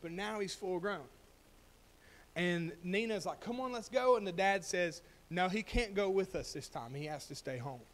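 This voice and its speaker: A man's voice: sits high, moderate pace. A man preaching a sermon, telling a story and building to emphatic, rising points. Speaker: pastor.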